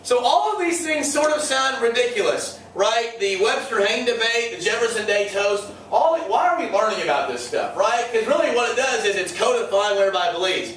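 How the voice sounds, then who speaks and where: Guy teacher lecturing, sarcastic jokes, high-ish voice, recorded from far back in an echoey classroom. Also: expressive, brisk, few pauses, a bit bright, a little hiss or hum. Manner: joking, sarcastic, quizzes students. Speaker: history teacher. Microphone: far room mic.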